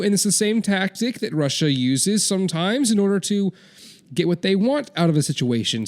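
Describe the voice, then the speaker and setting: A man's voice: high-pitched, darkish tone. A man giving rambling, sarcastic comedic commentary as a vlogger, full of filler words.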